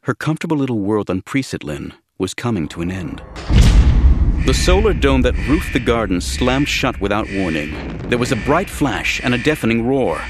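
In a mid-range voice, a man reads scripted audiobook narration at a steady, measured pace.

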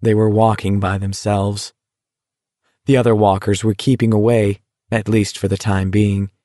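A man narrating an audiobook with a steady, measured reading. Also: lowish voice, dry recording, studio quality. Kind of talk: scripted narration.

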